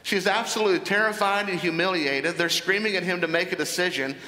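A man preaching a sermon, explaining a Bible passage in a deliberate, emphatic way. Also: high-pitched, sharp tone. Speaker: pastor. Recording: echoey hall with long reverb.

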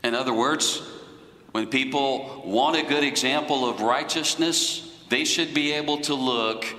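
A man preaching a sermon in a slow, deliberate teaching manner. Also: mid-range voice, sharp tone, roomy sound, in a large hall, poor audio.

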